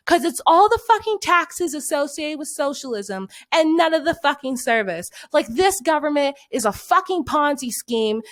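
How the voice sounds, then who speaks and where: A woman in her twenties, a podcast co-host, delivering an angry, profane, exasperated rant in casual chat. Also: high voice. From United States. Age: 20s.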